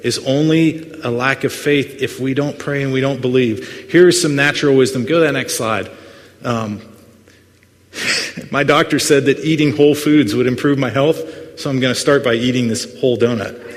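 A man's voice: medium pitch, normal speed. A man preaching a sermon as pastor, earnest but full of playful jokes and asides to the congregation. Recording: long hall reverb.

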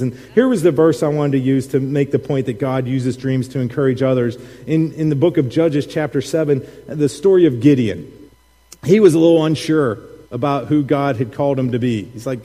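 A man's voice: a little high, normal speed, dark tone. A middle-aged man, a pastor, preaching a sermon and telling a personal story with laughter, acting out the voices of the people in it. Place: church sanctuary. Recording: long hall reverb.

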